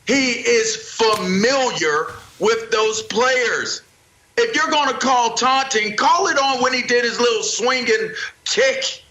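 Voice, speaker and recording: A man's voice: very high voice, slow pace, sharp tone, roomy sound, poor audio. A man co-hosting a heated sports debate show, arguing emphatically and repeating phrases to build his point. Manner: emphatic, repetitive, preacher-like build-ups.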